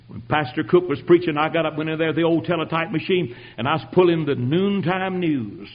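An older man preaching his own testimony, telling it dramatically and swinging from hushed tones to shouting. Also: on the high side, brisk, highs cut off. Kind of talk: sermon testimony.

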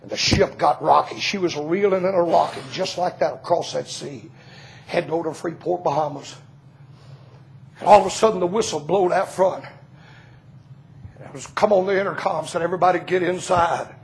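A man preaching a revival sermon in a church, telling stories and rising into shouts. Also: fairly high pitch, moderate pace, gravelly. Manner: storytelling, bursts into shouting.

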